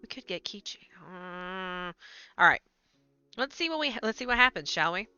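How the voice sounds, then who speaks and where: A woman streaming a video game, chatting casually into a desk mic, swearing freely and swinging between low mutters and loud excited yelps. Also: normal speed, clear, resonant tone, no echo, muffled recording, faint music behind. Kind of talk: casual gameplay stream chat.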